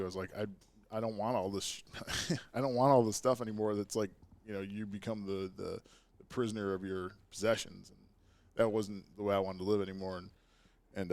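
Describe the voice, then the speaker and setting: A man with a fairly low voice, chatting on a podcast as a guest. He tells his story with energy and voices his own past thoughts. The sound is dry and close, with no room echo. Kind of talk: casual podcast chat.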